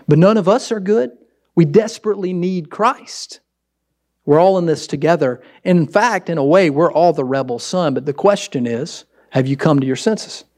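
A man preaching a sermon, talking straight to his listeners in an earnest, animated way. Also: a little high. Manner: earnest, direct, animated with sudden swings. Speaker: pastor.

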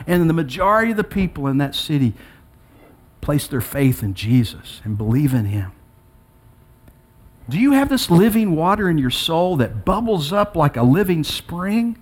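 A pastor preaching a sermon, telling stories with acted-out dialogue and leaping up in pitch for emphasis. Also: male voice. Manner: animated storytelling with acted-out dialogue; pitch leaps high for emphasis.

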